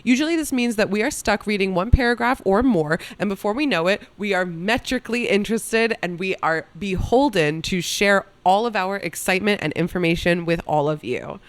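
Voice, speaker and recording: A woman co-hosting a podcast in casual chat, excitable and expressive. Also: mid-range voice, a little fast, few pauses. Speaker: podcast co-host.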